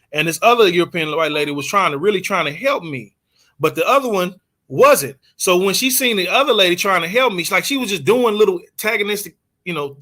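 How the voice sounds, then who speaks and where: A man telling a story in casual chat, animated and laughing, sometimes searching for words. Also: sits high. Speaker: co-host.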